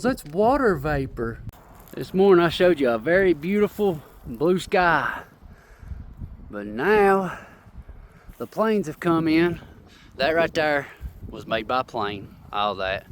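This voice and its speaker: A man talking outdoors into a handheld phone, excitedly and insistently pointing things out as he walks up a hill. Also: fairly high pitch, a little hiss or hum. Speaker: vlogger. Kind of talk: casual filmed commentary.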